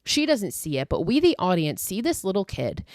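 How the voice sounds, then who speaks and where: A woman's voice: medium pitch, sing-song, moderate pace, darkish tone, no echo, studio quality. A woman podcast host casually recapping a horror movie, chatty and loose, with plenty of filler words and the odd swear.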